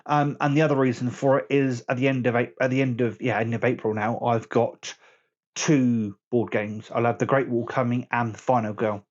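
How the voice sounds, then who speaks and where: Man, chatty vlogger, rambling, fixes his own slips, mid-pitched voice, slightly dull phone audio. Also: little pitch movement, moderate pace, a little mellow. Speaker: board game vlogger. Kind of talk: casual chat to camera. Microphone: phone camera.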